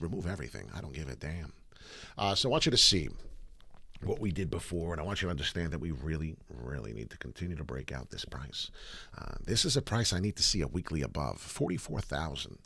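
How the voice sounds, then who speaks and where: A man hosting a live crypto chart commentary, excitable, profane and rambling. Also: low-pitched, gravelly, slightly rough, dry recording. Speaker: crypto chart analyst, channel host.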